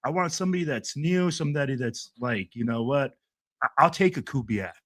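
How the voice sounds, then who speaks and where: A man's voice: medium pitch, animated, brisk, a bit bright, no room sound, studio quality. A man co-hosting a live fan show, speaking bluntly and emphatically. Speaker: co-host. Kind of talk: casual live chat.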